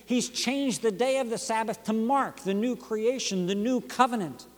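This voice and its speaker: A pastor delivering a sermon with rhythmic, dynamic preaching that swings from near-whisper drops to rising emphatic peaks. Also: male voice, extremely high pitch, normal speed, long reverb tail. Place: church sanctuary.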